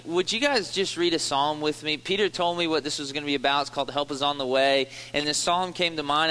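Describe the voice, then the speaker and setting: A man's voice: on the high side, pushed and bright, smooth. A male pastor preaching a sermon in a church, talking casually and stumbling over repeated words, then pleading with rising intensity as he paraphrases a psalm. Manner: conversational, repeats words, rises to impassioned pleading when voicing the psalm.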